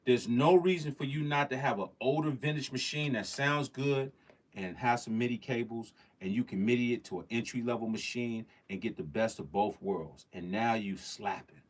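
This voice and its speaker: A man talking casually on a livestream, loose and full of slang. He hammers his points by saying them twice and keeps checking in with the people watching. His pitch sits in an ordinary middle range. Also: moderate pace. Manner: slangy, emphatic, repeats phrases, addresses the chat directly. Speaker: livestream host.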